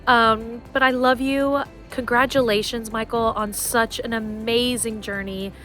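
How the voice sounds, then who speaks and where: A woman recording a tender, emotional message of congratulations to a friend, repeating herself warmly. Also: on the high side, steady tone, measured pace, faint music behind.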